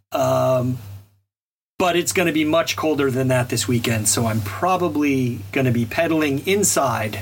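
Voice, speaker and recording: Man, podcast co-host, wry jokes, casual chat, somewhat high pitch, faint background noise. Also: lively intonation, normal speed. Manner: wry, joking.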